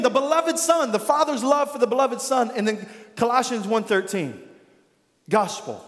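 Brief: male pastor, emphatic sermon delivery, high voice, long sanctuary reverb. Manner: emphatic, rhetorical questions, builds to intense peaks.

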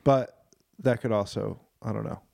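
A man's voice: fairly low pitch, fairly even intonation, moderate pace, creaky, a little mellow, no echo, clean studio sound. A young man co-hosting a podcast, chatting casually and profanely, rambling through stories. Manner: loose, profane, rambling storyteller. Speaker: podcast co-host. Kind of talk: casual banter.

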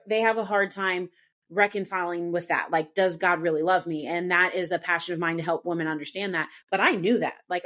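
A woman speaking as a guest on a live Christian panel, giving an earnest, heartfelt testimony with halting restarts. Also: mid-range voice.

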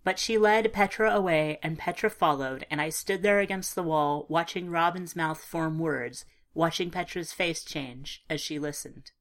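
A woman narrating a first-person story in a calm, measured, understated way. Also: sits low. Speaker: audiobook narrator.

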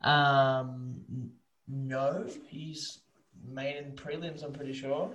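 An Australian man co-hosting a podcast, loose and excitable, swearing a lot, talking over a remote call. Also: mid-range voice, slow, lo-fi sound. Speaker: podcast co-host. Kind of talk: casual chat.

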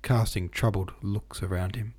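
A man reading a classic novel aloud at a steady, measured pace, stopping now and then to explain the footnotes. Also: fairly low pitch, breathy edge. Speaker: audiobook reader.

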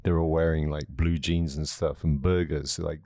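Deep-voiced Englishman, dry close sound. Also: level tone, moderate pace, warm tone, no echo. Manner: searching for words, swearing, restarting sentences. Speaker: podcast co-host. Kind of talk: casual chat.

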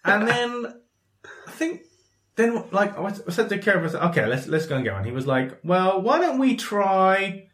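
A man's voice: high voice, a little fast. A man, a podcast host telling a story in casual chat and acting out the voices of the people in it. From England. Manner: animated, acts out quoted voices, laughs often. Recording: roomy echoey room.

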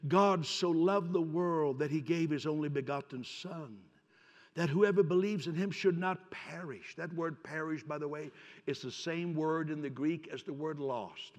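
A man with a high voice preaches to a congregation, dropping to a near-hush and then building to loud, emphatic lines. His voice rings out in a large hall with a long reverb tail. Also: measured pace. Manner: swings from hushed storytelling to loud emphatic preaching. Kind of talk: sermon.

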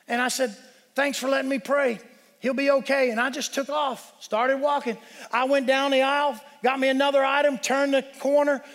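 A man preaching a sermon as pastor, telling a story with emphatic shouted peaks. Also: extremely high pitch. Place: church sanctuary. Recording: long reverb of a church hall.

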